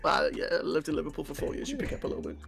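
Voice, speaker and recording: A man's voice: fairly high pitch, huge pitch swings, racing, creaky, a bit bright, soft background music. A man co-casting an esports stream, blunt and joking, swearing in casual banter. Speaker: esports co-caster.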